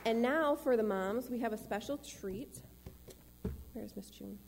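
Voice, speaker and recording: Woman presenter at a church event, unsure asides, soft dark tone, hall echo. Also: a little high, a little slow, vocal fry, some chatter behind, slight background noise. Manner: hesitant asides between readings. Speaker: program presenter. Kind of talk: reading tributes at a church service.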